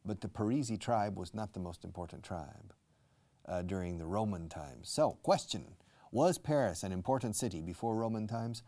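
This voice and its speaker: A man's voice: on the low side, expressive, normal speed, dark tone. A man teaching English in a live-streamed lesson, explaining words and dropping into Spanish asides.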